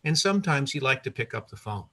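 An older man telling a personal story to an audience, lively, with asides and self-corrections. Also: mid-range voice, fast talker.

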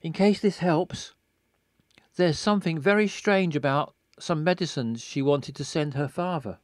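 A man's voice: fairly high pitch, measured pace, no echo, clean studio sound, close to an everyday voice. A man reading an anxious young woman.

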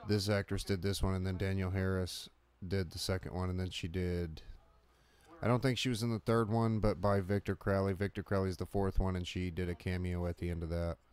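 A man's voice: deep voice, level tone, a little fast, darkish tone. A man co-hosting a horror movie commentary in casual chat, profane and mocking, often jumping into silly voices. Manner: profane, mocking, jumps into joking character voices.

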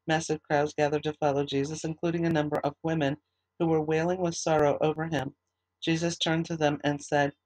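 A man teaching a Bible study, reading scripture aloud in a steady, earnest way and adding short comments of his own. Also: on the high side, a little fast, no room sound, low-quality recording.

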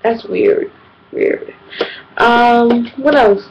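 A woman's voice: a little high, very slow, dull audio. A young woman, telling exasperated comedic stories in a casual, slangy vlog monologue. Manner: animated, exasperated, slangy storytelling. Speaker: vlogger.

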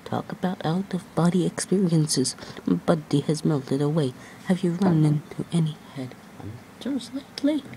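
A woman's voice: sits low, expressive, normal speed, warm tone, slight background noise, poor audio. A woman reading as a headless snowman. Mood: mournful. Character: lost-headed talking snowman, mournful and wry.

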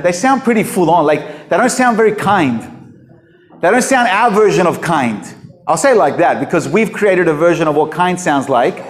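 A man preaching a sermon in a conversational, emphatic storytelling way. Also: sits high. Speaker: pastor.

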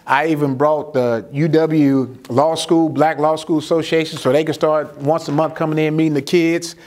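A middle-aged man with addresses a community audience as a juvenile court judge. His voice sits a little high, and he acts out conversations in the courtroom, jumping up in pitch for his own exclamations and dropping low and soft for the children's replies. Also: normal speed. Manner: animated storyteller who acts out his own dialogue.

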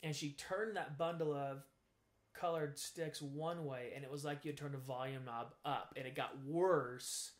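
A man's voice: a little high, a little slow. A man in an interview, candidly telling a personal story and acting out what people said. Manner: animated, acts out quoted voices, frank. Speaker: guest sharing his story.

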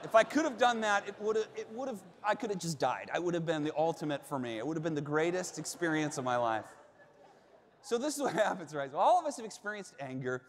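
A male pastor with a high voice preaches to a congregation, telling a lively personal story and acting out what people shouted. His voice rings with the long reverb of a large church hall. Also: fairly quick. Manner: animated storyteller, acts out shouts and quotes. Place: church auditorium.

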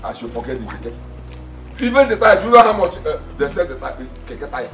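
A man's voice: mid-range voice, sing-song, brisk, a bit bright, reverberant, distant mic, faint music behind. An actor with a Nigerian accent playing an angry father who barks orders and throws a man out of his house. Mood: furious. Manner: barking orders, scornful. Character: furious middle-aged father throwing out his in-law. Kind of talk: Nollywood film acting.

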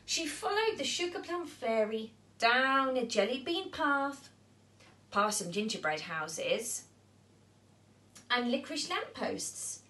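A slow, highly animated woman reads a picture book to young children, her pitch swinging widely. She pauses to ask the children questions as she goes. Her voice sits on the higher side. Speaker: nursery storyteller.

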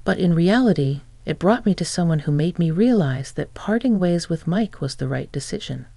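Woman narrator, sarcastic and mocking, gravelly voice, dry close sound. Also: on the low side, animated, normal speed, warm tone, no echo. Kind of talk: scripted first-person story narration.

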